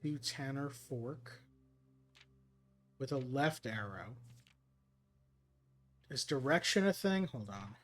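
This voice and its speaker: A man's voice: medium pitch, lively intonation, takes it slowly, pauses often, fairly bright tone, a little hiss or hum. A man streaming a puzzle game, thinking aloud and reading clues as he works them out.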